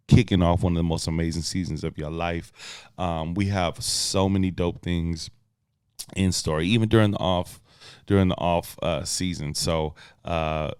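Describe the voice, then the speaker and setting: A man's voice: low-pitched, smooth, no echo, clean studio sound. A man co-hosting a podcast in casual chat, laid-back and slangy with a playful edge. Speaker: podcast co-host.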